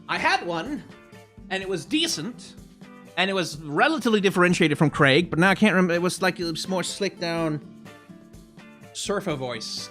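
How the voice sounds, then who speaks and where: Young guy doing a goofy game playthrough, bouncy high-ish voice, faint music behind. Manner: playful, jokey, animated. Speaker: let's-play host. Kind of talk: casual game commentary and reading aloud.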